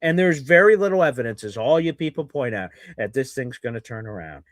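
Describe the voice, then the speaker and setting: A man's voice: mid-range voice, lively intonation, fairly quick, dry recording, studio quality. A man hosting a live sports reaction show, ranting and sarcastic toward his audience. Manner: ranting and sarcastic, mocking fans in put-on voices.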